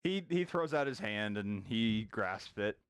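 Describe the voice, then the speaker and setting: A man narrating a tabletop game as game master, taking his time and describing each scene. His voice is lowish with a lively pitch, recorded close and dry. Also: smooth, no echo. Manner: unhurried, descriptive.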